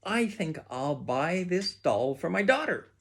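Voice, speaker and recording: A man's voice: fairly high pitch, big pitch swings, a little slow, breathy edge, exaggerated voice. A man voicing a woman who admires a doll for her daughter. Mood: admiring.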